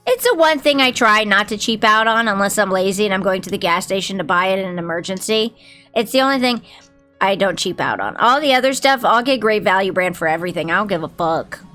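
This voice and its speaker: A woman's voice: mid-range voice, animated, fairly quick, bright, forceful tone, faint music behind. A woman livestreamer chatting casually with her viewers, telling stories and swearing freely.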